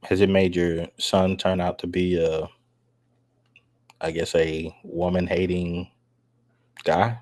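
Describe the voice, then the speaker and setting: A man's voice: deep voice, level tone, takes it slowly, pauses often, a little mellow. A man hosting a livestream, asking hesitant, probing questions with restarts. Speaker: livestream host. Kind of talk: interview questions.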